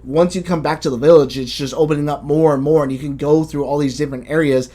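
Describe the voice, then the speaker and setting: A man hosting a casual game review chat, animated and blunt, swearing freely as he talks. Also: on the high side, fast. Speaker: video game podcast host.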